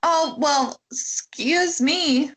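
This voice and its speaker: A woman's voice: high-pitched, drawn-out words, background noise. A woman co-hosting a podcast in casual chat, giggly and teasing. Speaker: podcast co-host.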